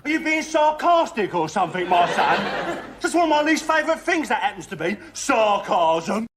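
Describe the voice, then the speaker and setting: A man putting on a high mock-offended voice. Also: very animated, moderate pace, fairly bright tone, slight background noise. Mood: mock indignant.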